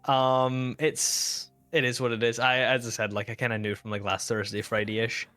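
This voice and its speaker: A man on a voice call, talking in a halting way with many restarts, telling a story in casual chat. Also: mid-range voice, level tone, bright, forceful tone, clean tone, no room sound, faint music behind. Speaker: caller.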